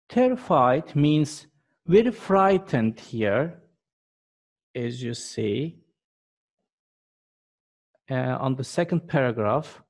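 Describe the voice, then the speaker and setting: Slow-paced male English teacher. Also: medium pitch, darkish tone. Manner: patient, explaining word by word. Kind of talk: classroom lesson.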